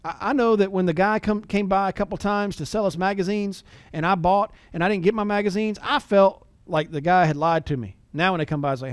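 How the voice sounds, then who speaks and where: A man's voice: sits high, a little fast, no room sound. Folksy middle-aged man teaching sales. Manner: folksy, repeats words, acts out phone calls. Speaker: sales trainer. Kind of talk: conversational training talk with anecdotes.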